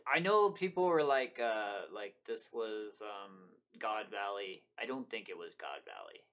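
A man co-hosting a fan podcast, excitable and speaking in rapid bursts with laughter. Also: fairly low pitch. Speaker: podcast co-host. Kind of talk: casual podcast chat.

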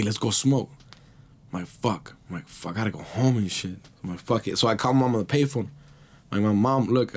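A man's voice: mid-range voice, darkish tone. Profane slangy man telling stories. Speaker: podcast host. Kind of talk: casual storytelling.

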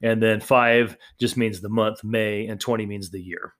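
A man's voice: fairly low pitch, steady tone, measured pace, fairly bright tone. A man hosting a podcast on his own, talking in a rambling, chatty way with lots of fillers and restarts. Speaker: podcast host. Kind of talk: casual solo podcast talk.

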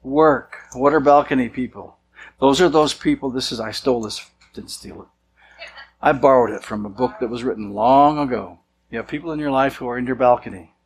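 A pastor, a senior church leader, preaches a sermon in a casual, conversational style, sometimes acting out the voices of people he quotes. His medium-pitched, slightly rough voice moves fairly quickly, and the recording quality is low.

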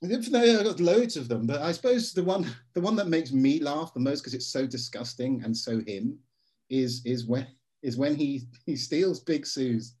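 A man, an actor being interviewed, telling stories in a lively way and slipping into voices for quotes. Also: medium pitch, moderate pace. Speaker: actor guest. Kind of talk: casual interview.

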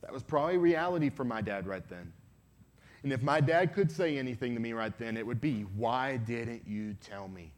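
A man's voice: mid-range voice, animated, brisk. A man giving an earnest sermon to a youth event, retelling a story with many quoted lines and pleading with listeners. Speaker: evangelist, guest speaker.

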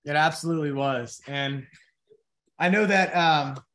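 A man's voice: fairly high pitch, unhurried, pushed and bright. A man hosting an interview, asking a long, hesitant question politely and with fillers. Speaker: interviewer, host. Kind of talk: casual interview.

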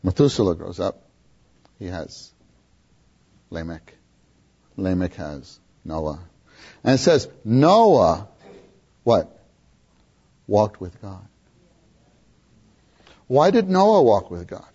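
A man preaching a sermon, often questioning his listeners and repeating words for emphasis, with a husky voice, on a dull lo-fi recording. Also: sits low, expressive, takes it slowly, pauses often, dark tone. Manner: questions the audience, emphatic repetition.

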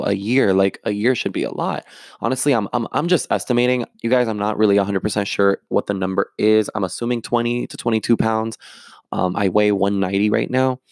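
Young man, low gravelly voice, dry close sound, confessional vlogger, rambling and open. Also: dry recording. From Florida. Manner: candid, rambling, with many fillers and restarts. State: close to tears at moments. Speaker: actor and vlogger. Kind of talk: confessional vlog monologue.

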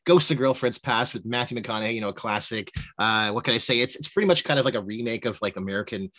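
A man hosting a movie podcast, talking casually and quickly, swearing freely and joking with his co-host. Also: medium pitch, fairly bright tone. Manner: fast, swears, laughs along.

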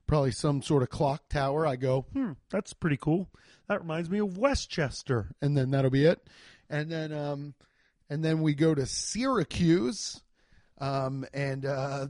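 A man with a slightly higher voice rambles through a comic podcast monologue, excitable and profane, full of restarts. The sound is dry and close. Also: dry recording. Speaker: comedian podcast host. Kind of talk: casual comedic monologue.

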